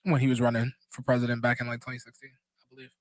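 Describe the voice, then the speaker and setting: A man's voice: medium pitch, completely flat delivery, very fast, no room sound. A man, co-hosting a podcast in casual, profane, laughing chat. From the Bronx, New York. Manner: loose, profane storytelling with a laugh. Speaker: podcast co-host.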